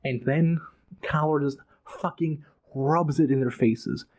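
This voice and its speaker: Male podcast host, fired-up and profane, dark husky voice. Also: a little high, slow pace. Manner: heated, swearing, emphatic. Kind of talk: casual book discussion.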